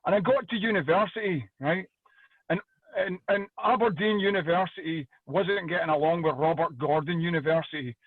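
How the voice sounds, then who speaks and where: A loud Scottish comedian tears through his set with crude swearing and plenty of energy. His voice sits a touch high and comes through a thin, phone-like line. The room around him is completely dry. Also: moderate pace, slightly rough, no room sound. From Scotland. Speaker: stand-up comedian. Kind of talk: stand-up comedy. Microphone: video call. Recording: dry tinny phone-like call audio.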